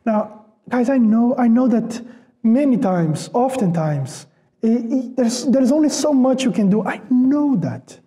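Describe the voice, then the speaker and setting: A man with a very high, mellow voice preaches a sermon in an easy, conversational manner. He repeats words for emphasis and asks the congregation rhetorical questions. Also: big pitch swings, a little slow. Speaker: pastor.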